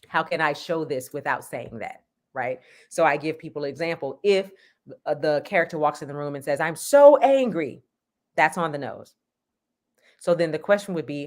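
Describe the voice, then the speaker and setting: Low-pitched woman from Texas; teaching interview guest who asks rhetorical questions and laughs easily. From Houston, Texas. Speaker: script consultant, guest. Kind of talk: interview conversation.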